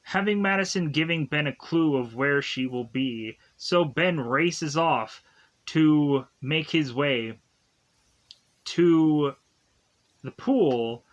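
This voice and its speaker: A man's voice: on the high side, slow pace, highs cut off. A man reviewing a film, retelling its plot casually in a rambling way, full of "like" and loose phrasing. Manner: rambling, filler-heavy retelling with many "like" and "is to go on". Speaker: movie reviewer. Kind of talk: casual spoken plot recap.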